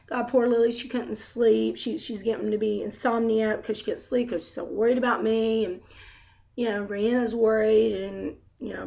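A woman's voice: medium pitch, gravelly, a little mellow. A woman recording a casual personal video update at home, rambling candidly with many fillers and asides. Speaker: vlogger.

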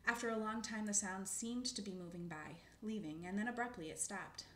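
A woman's voice: medium pitch, fairly quick. Woman narrator of a children's book, casual with asides, echoey room, faint hiss. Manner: casual, with spoken asides and self-corrections. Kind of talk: reading a children's book aloud.

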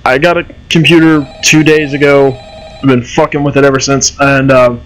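A man's voice: medium pitch, flat delivery, moderate pace, low-quality recording. A young man streaming a horror game over a headset mic, swearing and laughing nervously as he panics. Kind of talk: live gameplay commentary.

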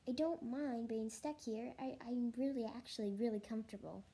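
A woman voicing a panicky, whiny schoolboy who pleads in a high, strained voice. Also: steady tone, moderate pace, creaky, warm tone, rough recording. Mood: pleading.

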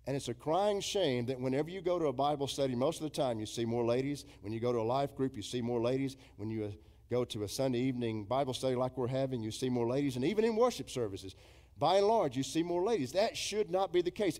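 A middle-aged man, a pastor preaching a sermon in a church, emphatic and storytelling, mimicking imagined congregants. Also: quick pace. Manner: emphatic preaching with big swings in pitch and loudness, quoting imagined congregants. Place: church sanctuary.

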